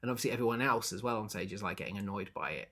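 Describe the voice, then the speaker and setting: A man chatting casually as a podcast co-host, recapping a stage musical and acting out characters' lines in quick bursts. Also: on the low side. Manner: animated, acts out characters' lines in brief bursts.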